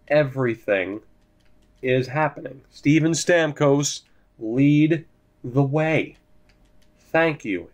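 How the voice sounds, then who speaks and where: A young man casually commentating his hockey video game, joking and swearing, swinging from low mutters to sudden shouts. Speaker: gaming commentator.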